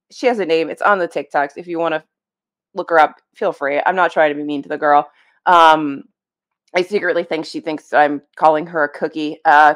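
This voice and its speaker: Woman, casual reaction commentary, rambling, exasperated, home webcam. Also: fairly low pitch. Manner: chatty, rambling, wryly exasperated. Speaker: book commentary video host. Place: at home before work. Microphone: streaming webcam setup.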